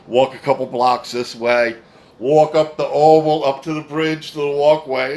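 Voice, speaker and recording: A man's voice: medium pitch, normal speed. A man in his fifties telling a rambling, profane story casually, full of "anyway" asides. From New Jersey, USA. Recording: faint background noise.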